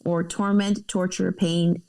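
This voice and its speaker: A woman's voice: fairly low pitch, flat delivery, takes it slowly, mellow, rough recording. A woman co-hosting a podcast, reading news articles aloud with casual asides and laughs.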